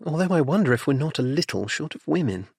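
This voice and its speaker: Man playing a poised duchess, lightly raised voice, polite and tart, lively pitch, audiobook. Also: fast talker, gravelly, husky, no room sound, studio quality, heavily acted. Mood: composed. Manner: polite, composed, a little tart. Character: poised duchess, middle-aged, tart and tactful.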